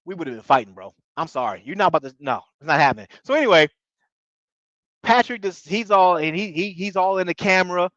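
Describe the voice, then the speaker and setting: A man recapping a reality show in casual commentary, talking excitably in slang and tripping over his words. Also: sits high, fast talker, no room sound, dull audio. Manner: excitable, slangy, repeats bro, stumbles.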